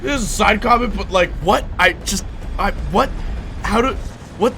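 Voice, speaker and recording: A man's voice: sits high, moderate pace, gravelly, a little hiss or hum. A young man hosting a gaming channel, chatting casually and telling rambling stories with bursts of laughter while reading his viewers' chat. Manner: animated rambling storyteller, breaks into laughter; reads and answers viewer chat. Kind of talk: casual let's-play chat.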